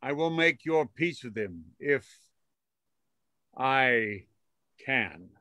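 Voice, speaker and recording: A man reading a sly servant in a Zoom play reading, with a slow, wry delivery. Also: mid-range voice, animated, sharp tone, dry recording, muffled recording, full character voice. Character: sly male servant egging on a duel. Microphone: video call.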